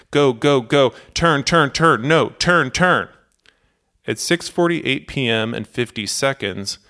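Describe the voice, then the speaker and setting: Guy narrating a plane crash doc, lowish smooth voice, calm measured telling. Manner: steady, measured storytelling that acts out cockpit quotes. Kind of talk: scripted documentary narration.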